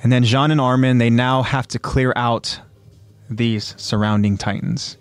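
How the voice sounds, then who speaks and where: A man narrating an anime recap casually, in an animated way that keeps jumping ahead. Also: mid-range voice, clear, resonant tone, no echo. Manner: animated, quick to jump ahead, loose fillers.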